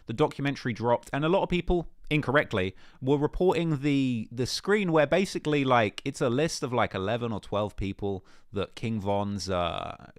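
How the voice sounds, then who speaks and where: A man's voice: medium pitch, no echo, studio quality. A young man vlogging in a joking, mock-boastful way, full of slang. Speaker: YouTuber in a played clip. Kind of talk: casual vlog talk.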